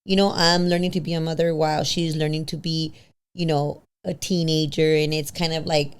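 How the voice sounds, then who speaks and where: A woman in her thirties, a podcast guest telling a personal story casually, acting out quoted voices with big pitch jumps and slipping into Spanish now and then. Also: flat delivery, normal speed, smooth. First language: bilingual, switches into Spanish. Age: 30s.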